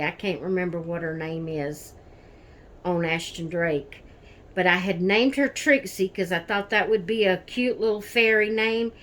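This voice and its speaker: A woman vlogging to camera about her dolls, rambling and repeating herself, addressing viewers as guys. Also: mid-range voice. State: shaken, near tears. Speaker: doll collector vlogger. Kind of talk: casual chat to camera.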